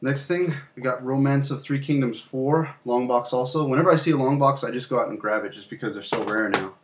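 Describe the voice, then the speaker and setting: With a noisy background behind him, a young channel host talks a little fast in a mid-range voice. He walks viewers through his game collection in a loose, rambling show-and-tell, using fillers and occasional mild swearing.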